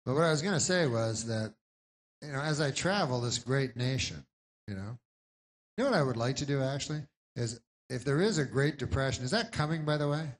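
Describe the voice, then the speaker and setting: Rambling deadpan male stand-up comic. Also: medium pitch. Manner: rambling, deadpan, meandering asides. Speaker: stand-up comedian. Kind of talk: stand-up comedy set.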